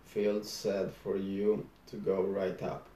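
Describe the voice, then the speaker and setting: A man reading aloud, voicing a gruff doorman who snaps his words out. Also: deep voice, monotone, slow, mellow, distant mic. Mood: curt. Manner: curt, snapping. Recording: roomy echo.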